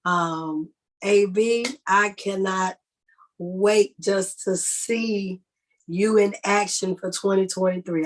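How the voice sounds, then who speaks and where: A woman from Dallas, Texas, an empowerment coach speaking as a guest on a live stream, energetic and casual. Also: mid-range voice, low-quality recording. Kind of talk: livestream guest talk.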